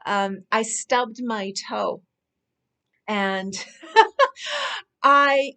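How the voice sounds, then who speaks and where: Slow, earnest higher-voiced woman. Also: wildly swooping pitch. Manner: earnest, unhurried, with soft laughs. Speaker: spiritual speaker. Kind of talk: personal storytelling monologue.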